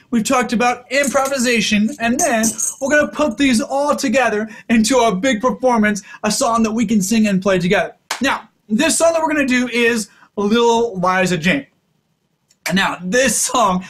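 Male music teacher for kids, very high-pitched, upbeat and instructive, speaks straight to the children. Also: a bit bright. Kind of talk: kids' music lesson.

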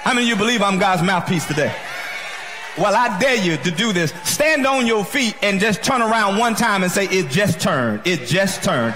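A male pastor preaching an exuberant sermon, shouting and laughing with speech. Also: sits high, animated, normal speed, music in the background. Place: church sanctuary.

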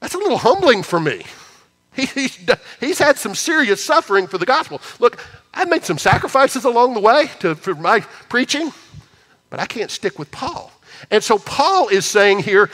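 Male pastor, sermon, conversational, emphatic scripture reading, high-pitched, reverberant church hall. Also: expressive, brisk, a bit bright. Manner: conversational preaching, reads scripture with emphatic swings in volume. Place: church auditorium.

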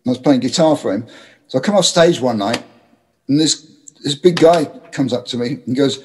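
A man's voice: mid-range voice, normal speed, darkish tone, slight background noise. A man, a music producer, telling studio anecdotes in a casual interview and acting out the voices of people he quotes.

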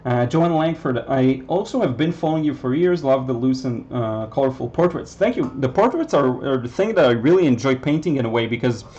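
Man, mid-pitched voice, easygoing art stream chat, slightly muffled lo-fi audio. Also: fairly quick, few pauses. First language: Hebrew. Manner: relaxed, answers chat questions with many ums and uhs. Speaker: watercolor artist hosting a livestream. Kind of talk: casual live chat while painting.

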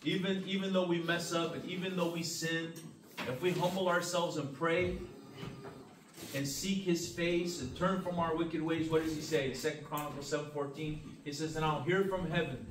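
A man's voice: fairly high pitch, steady tone, normal speed. A man teaching a church Bible class as pastor, earnest and emphatic, with frequent amens and restarts. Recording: roomy, distant mic, faint hiss.

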